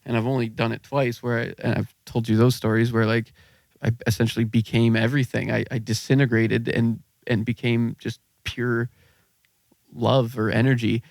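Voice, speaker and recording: A man's voice: mid-range voice, little pitch movement, normal speed, vocal fry, a little mellow, no room sound. Male podcast co-host, rambling casual talker, dry close mic. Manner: rambling, searching for words. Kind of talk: casual chat.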